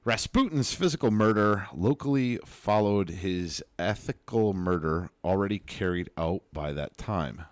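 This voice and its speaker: A man's voice: low voice, measured pace, hardly any pauses, no echo. A man co-hosting a casual podcast, joking and swearing freely, sometimes reading aloud from an article. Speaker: podcast co-host.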